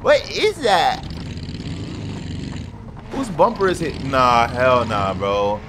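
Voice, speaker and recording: Excitable young man yelling over engine noise. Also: mid-range voice, slow. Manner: excitable, profane, yelling at other players. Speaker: gaming streamer. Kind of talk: casual gameplay commentary. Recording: loud game engine noise behind. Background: car engine and game sounds.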